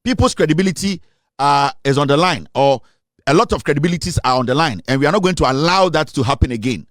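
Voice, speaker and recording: A Ghanaian host of a radio and online program gives heated, emphatic political commentary from his studio, switching between Twi and English as he lectures. His fairly high voice is expressive, fast and a bit bright, with no echo.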